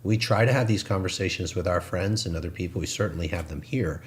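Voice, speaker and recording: A man's voice: sits low, fast talker. A man co-hosting a spiritual talk show, chatting earnestly and laughing at himself. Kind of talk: casual spiritual chat.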